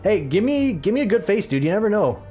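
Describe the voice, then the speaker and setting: A man's voice: high-pitched, very animated, fast, warm tone, soft background music. A man giving casual, rambling gameplay commentary full of sarcastic asides. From United States. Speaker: let's play gamer.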